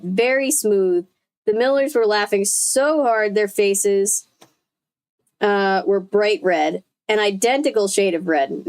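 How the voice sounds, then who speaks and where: A woman reading a children's horror book aloud on a stream, breaking off for chatty, swearing asides. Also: mid-range voice. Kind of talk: casual read-aloud on a stream.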